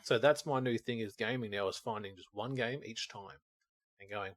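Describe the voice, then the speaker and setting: A man's voice: on the low side, normal speed, no echo. A man co-hosting a podcast, rambling casually and acting out his own thoughts as he talks. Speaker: podcast co-host. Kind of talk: casual chat.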